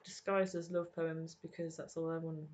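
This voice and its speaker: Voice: mid-range voice, little pitch movement, moderate pace, a little mellow. A podcast co-host in casual chat, teasing and dry, often laughing at their own jokes.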